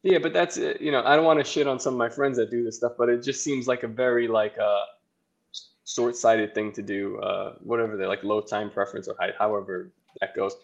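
A man's voice: on the low side, fairly even intonation, fairly quick, vocal fry, lo-fi sound. Laughing, rambling man in podcast chat. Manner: rambling, profane, laughs often.

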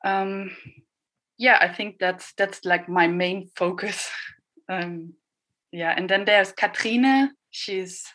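A woman cellist introducing herself in an interview, unhurried and pausing to find her words. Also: medium pitch, a bit bright. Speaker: cellist guest. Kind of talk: casual interview answers.

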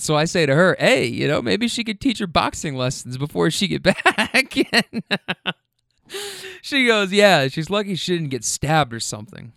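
A man hosting a talk show, telling a rideshare story with lively quoted voices and frequent laughter. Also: a little high, normal speed, creaky, no echo, studio quality. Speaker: podcast host telling rideshare stories. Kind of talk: animated storytelling.

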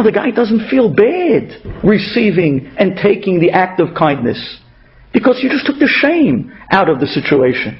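A man with a high voice delivers a religious talk through stories. He animates the people in his tales as he goes, and the recording is dull and lo-fi. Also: big pitch swings, moderate pace. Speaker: inspirational speaker.

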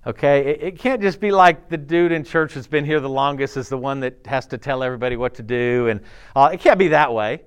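A man preaching to teenagers in a chatty, animated way, often checking in with "okay?" and acting out quoted voices. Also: mid-range voice, brisk, clean tone. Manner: acts out quoted voices and laughs along. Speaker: youth pastor. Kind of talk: sermon.

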